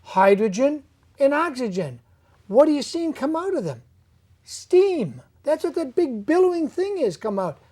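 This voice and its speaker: A woman hosting an interview in casual chat, animated and talking through long what-if scenarios. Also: high voice, measured pace.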